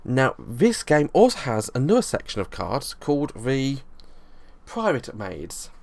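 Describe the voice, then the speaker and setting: A man's voice: mid-range voice, huge pitch swings, a little slow, creaky, a little mellow. Casual man explaining a board game. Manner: loose, rambling explanation with frequent restarts.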